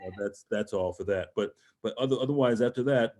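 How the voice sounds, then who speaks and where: Mellow-voiced man coaching a singer. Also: mid-range voice, fast talker, few pauses. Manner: encouraging, talks through phrasing and sings short sung examples. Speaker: voice teacher giving a master class. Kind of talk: online master class coaching. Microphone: video call.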